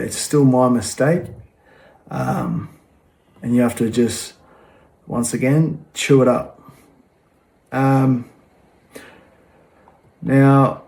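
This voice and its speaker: A man talking frankly and casually, pausing often with ums as he explains a personal matter. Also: mid-range voice, dark tone. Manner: frank, plain-spoken, frequent ums. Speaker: vlogger. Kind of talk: casual talk to camera.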